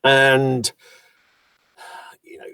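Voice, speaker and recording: A man's voice: mid-range voice, monotone, drawn-out words, creaky, bright, forceful tone, clean tone, dry recording. A man who narrates audiobooks, talking in an interview in a thoughtful, self-deprecating way as he explains his work at length. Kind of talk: conversational interview.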